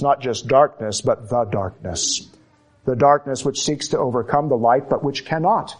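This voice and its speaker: A man delivering a sermon at an unhurried, deliberate pace. His voice sits at an ordinary pitch for a man. He leans on repetition and long pauses to stress each phrase. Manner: slow, emphatic, repeating phrases with dramatic pauses. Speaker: preacher.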